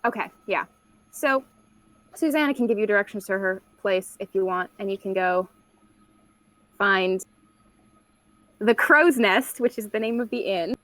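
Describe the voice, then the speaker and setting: A woman's voice: medium pitch, a little slow, pauses often, fairly bright tone, no echo, poor audio. A woman running a tabletop game as game master, narrating scenes in an easygoing, descriptive way.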